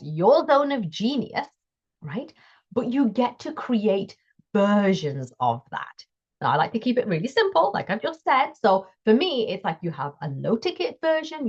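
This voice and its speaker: A woman's voice: fairly high pitch, darkish tone, highs cut off. A woman, hosting a solo coaching talk, speaking emphatically and constantly checking in with her listener. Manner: emphatic, keeps checking in with "right?". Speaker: business coach and host.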